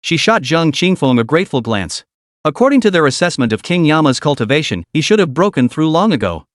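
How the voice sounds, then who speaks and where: Guy reading a fantasy recap, bouncy pitch, dead dry mic. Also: sing-song, brisk, no room sound. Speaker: narrator. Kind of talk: scripted story narration.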